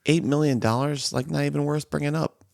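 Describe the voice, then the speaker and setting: A man's voice: on the high side, steady tone, fairly quick, creaky, darkish tone, no room sound, clean studio sound. A man co-hosting a podcast in casual chat, teasing and joking. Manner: teasing, jokey. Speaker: podcast co-host.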